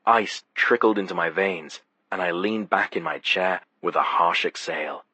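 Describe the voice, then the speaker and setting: A man's voice: deep voice, moderate pace, pushed and bright, husky, no echo. A man narrating a first-person audiobook in a wry, sardonic manner.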